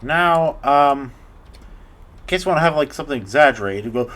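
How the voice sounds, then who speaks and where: A man's voice: mid-range voice, a little fast, fairly bright tone. A man casually narrating a tutorial over his screen recording, rambling and hesitant with many restarts. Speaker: video creator explaining his process.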